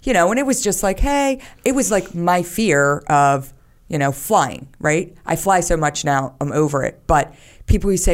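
A woman's voice: lowish voice, lively intonation, normal speed. A woman, a podcast guest, talking candidly in a casual conversation, with many fillers. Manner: candid, talks openly about her anxiety with many fillers.

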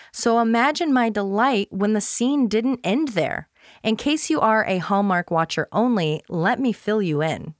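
A woman's voice: mid-range voice, dry recording. Woman host reading a playful recap, dry. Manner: playful, self-deprecating humor. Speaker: podcast host. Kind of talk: scripted recap read aloud.

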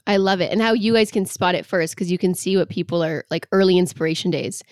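A woman's voice: on the low side, fast, dry recording, studio quality. A woman in her twenties hosting a podcast, bubbly and enthusiastic, reading her intro and chatting with her guest. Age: 20s. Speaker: podcast host. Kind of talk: scripted intro, then casual interview chat.

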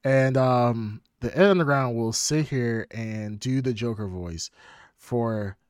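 A man's voice: mid-range voice, slow pace, smooth, dry recording, studio quality. Rambling male podcast host. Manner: animated rambling storyteller. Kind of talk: casual chat.

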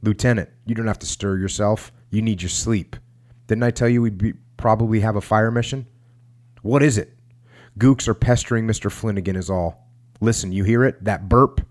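Man reading a relaxed army sergeant, low-pitched, calm and reassuring. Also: moderate pace, natural voice. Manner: casual, reassuring soldier talk. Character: male army sergeant, easygoing and protective.

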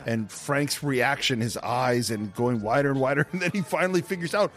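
A man's voice: mid-range voice, normal speed. A man co-hosting a podcast, casually retelling a film scene with frequent laughs. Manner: animated storyteller with frequent laughs. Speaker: podcast co-host.

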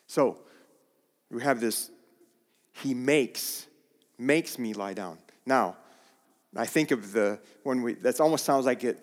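Male preacher, mid-range voice, unhurried and halting, recorded in a reverberant hall. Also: medium pitch. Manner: halting, restarts phrases, slow deliberate delivery. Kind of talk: sermon.

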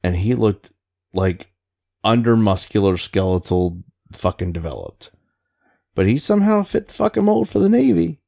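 Male storyteller, casual podcast, profane and lively, wide pitch swings. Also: moderate pace, gravelly. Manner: profane, animated storytelling with laughter. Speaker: storyteller recalling Navy service.

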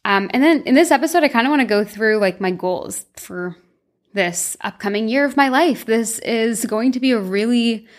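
A woman's voice: fairly high pitch, normal speed. A young woman hosting her own podcast, talking casually and candidly, rambling with lots of fillers and laughing at herself. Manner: candid and self-deprecating, laughs often. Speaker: podcast host. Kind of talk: casual solo podcast chat.

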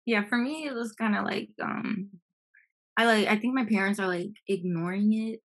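A woman, a podcast guest, speaking in casual chat, relaxed and hedging with many fillers. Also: medium pitch, moderate pace.

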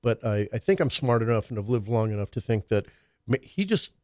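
Man, talk radio host, lowish voice, rambling with lots of ums, dry close sound. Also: sing-song, brisk, mellow, no echo. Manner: rambling, hesitant, many fillers. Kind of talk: casual political talk.

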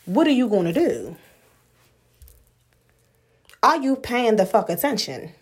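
A woman's voice: a little high, big pitch swings, measured pace, breathy edge. A woman podcast host giving a blunt, profane motivational monologue full of rhetorical questions.

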